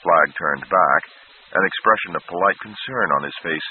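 Male audiobook narrator, low, husky, measured and dramatic. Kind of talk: scripted fantasy narration. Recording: tinny phone-like sound.

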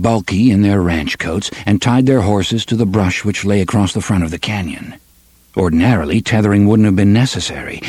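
Low husky guy reading a novel, lots of up and down, dry sound. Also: warm tone, no echo. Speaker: narrator. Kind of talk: audiobook narration.

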